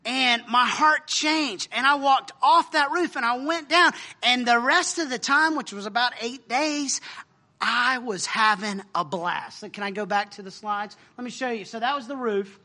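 High, bright-voiced man preaching casually. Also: normal speed. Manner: animated, laughing, casual slang. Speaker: speaker sharing a mission trip story. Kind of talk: informal sermon with slides.

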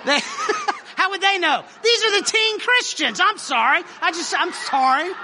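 A middle-aged man giving an informal, animated sermon about a mission trip, laughing often and using casual slang. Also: extremely high pitch, a little slow, noisy background. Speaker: speaker sharing a mission trip story.

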